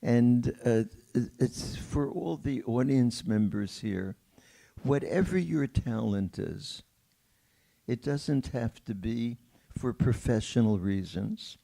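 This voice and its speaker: An older male pianist at a film Q&A in a theater tells slow, warm stories, laughing and acting out quoted voices. His mid-range voice is creaky, with lively intonation.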